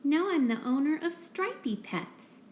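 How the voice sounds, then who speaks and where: A fretful pet owner pleads in a lifted, bouncing voice, reciting his woes like a storybook chant, as a woman reads him aloud. The voice swoops lively up and down, and the room around it rings with echo. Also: high voice, a little slow, slight background noise, pitched above the performer's own voice. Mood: indignant. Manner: pleading, sing-song listing. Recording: roomy echo.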